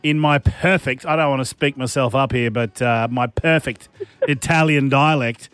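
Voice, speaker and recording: A man's voice: medium pitch, moderate pace, fairly bright tone, clean tone, no echo, soft background music. A man co-hosting breakfast radio, playful and jokey in casual studio banter. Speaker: radio co-host.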